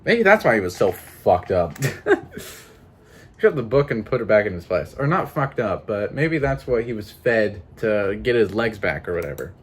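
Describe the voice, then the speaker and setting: A man's voice: fairly low pitch, sing-song, moderate pace, a little hiss or hum. A man reading a narrative game aloud with casual, swearing commentary and laughing asides. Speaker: gameplay streamer.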